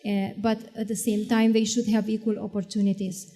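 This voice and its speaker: A woman educator talks on a discussion panel in a mellow, relaxed voice. She is thoughtful and measured, often pausing with small fillers as she builds her point. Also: medium pitch, long reverb tail.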